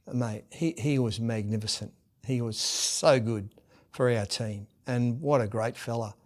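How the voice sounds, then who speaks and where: A middle-aged man with an Australian accent, a guest in a podcast interview, telling lively stories and loudly acting out the voices of people he quotes. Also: medium pitch, moderate pace, creaky. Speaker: guest, former rugby league captain and coach. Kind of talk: animated storytelling in a podcast interview.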